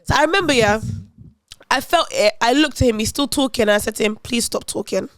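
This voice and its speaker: A young woman tells a story on her podcast. Her voice sits high, and the recording is dry and close. She tells it with lively, dramatic energy. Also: fast talker, dry recording. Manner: animated, dramatic retelling with laughter. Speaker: podcast host. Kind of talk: casual storytelling chat.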